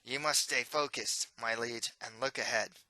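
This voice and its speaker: A man reading a calm, polite wolfman. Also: medium pitch, moderate pace, rough recording. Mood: respectful. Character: polite brown-furred male wolfman.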